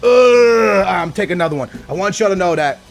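Male gaming host, excitable and teasing, animated delivery, music playing behind. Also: sits high, a little fast. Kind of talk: casual gaming banter.

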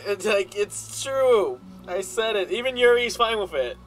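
A man's voice: high voice, expressive, a little slow, slight background noise, rough recording. A man making joking, teasing remarks in casual banter during a game playthrough. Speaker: gamer co-host.

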